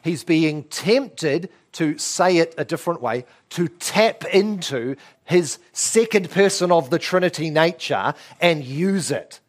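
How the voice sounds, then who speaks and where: A man's voice: a little high, lively intonation, slow pace. A man preaching an expository sermon, asking rhetorical questions and stressing key words.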